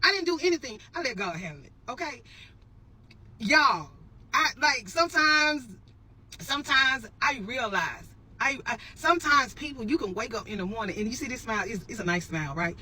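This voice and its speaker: Animated woman telling a story straight to camera. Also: fairly high pitch, normal speed, slightly rough, low-quality recording. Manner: animated, addresses viewers as y'all, emphatic repetitions. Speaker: storytelling vlogger. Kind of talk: casual storytelling to viewers.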